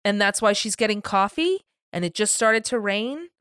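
Bubbly clear-voiced woman podcast co-host. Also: medium pitch, moderate pace, no echo, clean studio sound. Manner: animated, laughs often, enthusiastic. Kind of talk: casual chat.

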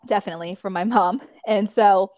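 A woman in her twenties from California, an athlete chatting casually as an interview guest, talking in animated stories full of fillers. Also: mid-range voice, fairly quick, dry recording.

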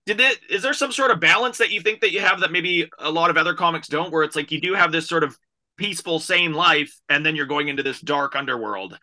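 A man's voice: fairly high pitch, quick pace, bright, forceful tone. A man hosting a podcast, asking long, winding questions. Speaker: podcast host. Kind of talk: interview questions.

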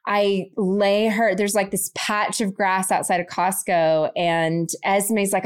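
A woman in her thirties, co-hosting a podcast, telling a story in a casual and animated way. She laughs often and acts out what people said. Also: medium pitch, takes it slowly, few pauses, smooth. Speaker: podcast co-host.

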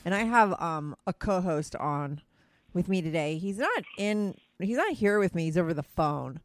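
A woman's voice: lowish voice, lively intonation, moderate pace, no echo, soft background music. A woman in her thirties with a New Jersey or New York accent, hosting a podcast and chatting bluntly, teasing a friend with lots of fillers. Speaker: podcast host. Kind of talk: casual chat over a phone call.

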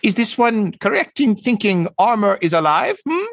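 A man's voice: high voice, wildly swooping pitch, slow pace, gravelly, fairly bright tone, breathy edge, no echo, clean studio sound, pitched above the performer's own voice, full character voice. A man voicing a tall, spindly male bird-creature doctor who calls himself "this one" and hums "hmm" between phrases. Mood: eager.

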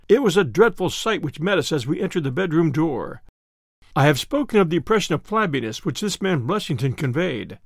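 A man doing scripted audiobook narration of a period detective story in an expressive, storytelling manner. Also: on the high side, dry recording, studio quality.

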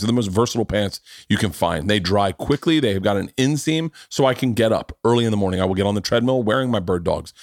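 A man's voice: medium pitch, dry recording, clean studio sound. A middle-aged man hosting a podcast who tells stories in a casual, profane way and also reads ads. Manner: animated, profane storytelling. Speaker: podcast host. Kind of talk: casual chat and ad read.

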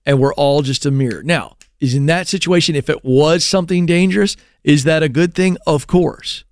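A man with a fairly high voice hosts a talk show, animated and chatty, often restarting his sentences and acting out little exclamations. The sound is dry and close, recorded in a studio. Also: normal speed, no echo. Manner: animated storyteller with frequent restarts and acted exclamations. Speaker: radio show host.

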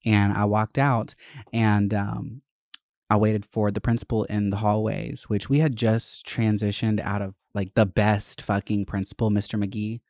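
A young adult vlogger telling a school story in a profane, animated, gossipy way. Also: medium pitch, a little slow, dry recording, studio quality. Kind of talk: casual storytelling.

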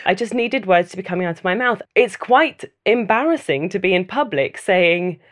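A woman giving a thoughtful, measured personal account in an interview, often listing things in runs. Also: mid-range voice, animated. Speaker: mother interviewed about loneliness.

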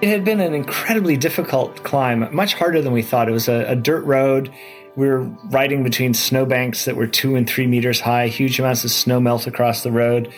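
Man recalling a journey, soft music behind. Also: mid-range voice, moderate pace. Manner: enthusiastic, with restarts and repeated words. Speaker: adventurer recounting his trip. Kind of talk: casual interview storytelling.

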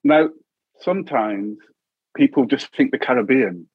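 A man in his sixties from England, an interview guest telling family stories in a relaxed way, chuckling often and acting out voices. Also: mid-range voice, measured pace, breathy edge, no room sound. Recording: tinny phone-like line.

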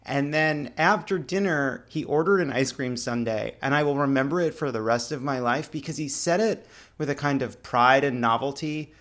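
A man's voice: mid-range voice, normal speed, fairly bright tone. Laughing storytelling man. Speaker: podcast co-host. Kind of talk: casual chat.

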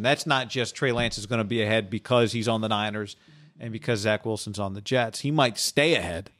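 A man's voice: medium pitch, no echo, clean studio sound. A man co-hosting a casual sports podcast, reading viewer comments aloud and talking them over. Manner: reads viewer comments aloud in a flat run. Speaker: podcast co-host.

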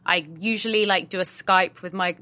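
An English actress chatting lively and easily in a casual podcast interview, often laughing. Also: female voice, on the low side, moderate pace. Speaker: actress guest.

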